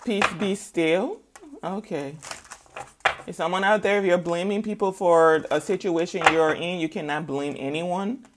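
Blunt, low-voiced woman tarot reader. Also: fairly even intonation, moderate pace, noisy background. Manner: blunt, preachy, peppered with "okay?". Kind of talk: casual spoken tarot reading.

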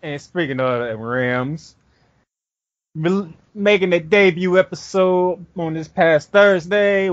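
A man hosting a podcast, talking in a lively, animated way and plugging his shows. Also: mid-range voice, muffled recording. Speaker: podcast host. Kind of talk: casual podcast chat.

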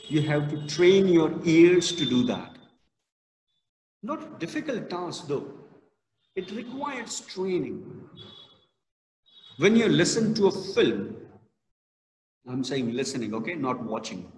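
A male college lecturer gives a classroom lesson, talking slowly and leaning hard on key words. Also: fairly high pitch, sing-song, a little mellow, a little hiss or hum. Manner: slow, emphatic, stresses key words. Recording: echoey hall, reverberant.

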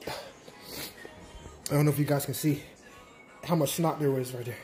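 Soft music plays behind a young man whose mellow voice runs on the high side, with fairly even intonation and a moderate pace. Sniffling and hurting from a spicy chip challenge, he begs the camera again and again in short, distressed bursts during his casual vlog.

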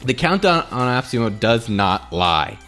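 A man hamming up a read-through of old sales copy, his pitch swooping all over as he leans into the drama. He keeps cracking himself up mid-sentence. Faint music sits behind him. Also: big pitch swings, measured pace, fairly bright tone. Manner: theatrical, breaks into laughter while reading. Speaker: host reading old ad copy aloud. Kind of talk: dramatic read-aloud with laughter.

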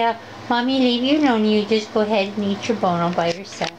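A woman's voice: medium pitch, fairly quick, few pauses, rough recording. A woman at home talking to her pets in sing-song baby talk. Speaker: pet owner. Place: home, indoors. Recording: home recording with steady background noise.

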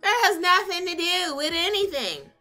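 A young adult woman telling a story in a casual, animated way while doing her makeup, swinging from calm to loud, excited retelling. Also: extremely high pitch, moderate pace, faint music behind. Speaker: beauty vlogger.

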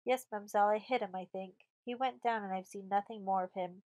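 A woman's voice: medium pitch, steady tone, quick pace, darkish tone, lightly acted. A woman reading an audiobook voices an elderly male soldier guarding a fort, who speaks in a formal, respectful way. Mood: urgent.

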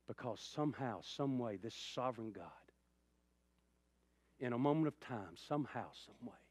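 Impassioned pastor preaching. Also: male voice, medium pitch, no echo. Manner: impassioned preaching, rising loud then dropping to hushed tones. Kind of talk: sermon.

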